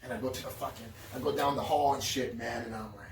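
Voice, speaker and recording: A man's voice: mid-range voice, quick pace, hardly any pauses. A man casually telling a long profane story on a podcast, acting out what everyone said. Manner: profane, animated storytelling with acted-out quotes. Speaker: podcast co-host. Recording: echoey room, distant mic, faint noise.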